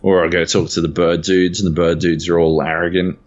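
Low-voiced male game critic, swearing, exasperated, casual podcast, dull lo-fi sound. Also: little pitch movement, a little fast. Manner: profane, exasperated ranting.

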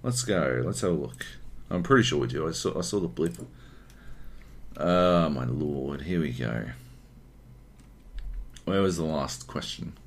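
A man's voice: extremely low pitch, unhurried, pauses often. An Australian man from Queensland co-hosting a podcast in casual chat, often swearing and ranting. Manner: swears a lot, animated ranting. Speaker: podcast co-host.

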